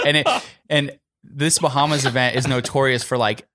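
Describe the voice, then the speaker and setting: A man's voice: mid-range voice, steady tone, normal speed, bright, forceful tone. Rambling young man telling a story. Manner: rambling, heavy use of "like" and "you know". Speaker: podcast guest, professional golfer. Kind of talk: casual storytelling.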